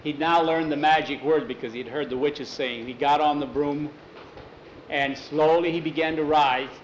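A man telling a story aloud in a lively, expressive way. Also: a little high, normal speed, dull audio, slight background noise. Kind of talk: animated storytelling. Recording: echoey room with faint ambience.

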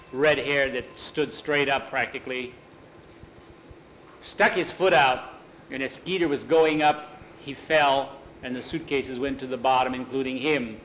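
A man telling a story aloud in an unhurried way, acting out the characters' voices. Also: mid-range voice, fairly bright tone, a little hiss or hum, poor audio.

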